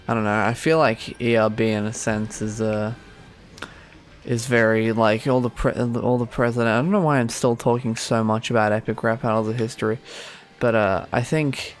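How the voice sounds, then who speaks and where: A man's voice: medium pitch, fairly even intonation, moderate pace, faint music behind. A young Australian man streaming a game, rambling sarcastically with many fillers. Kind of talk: casual gaming commentary.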